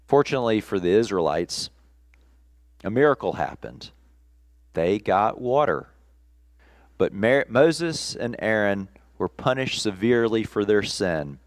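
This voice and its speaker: A male pastor delivers a sermon at an unhurried, measured pace, pausing between phrases. His voice sits low, and the sound is dry and close, with little room echo. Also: animated. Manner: slow, deliberate preaching with pauses. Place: church, streamed service.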